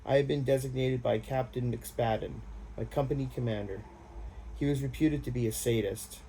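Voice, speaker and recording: A man reading a war memoir aloud in a plain, unpolished way, with a mid-range voice. His tone is dark and mellow, and a faint hiss sits under the reading. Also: mid-range voice, steady tone, normal speed, creaky, poor audio. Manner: plain, unpolished, casual asides. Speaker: audiobook reader.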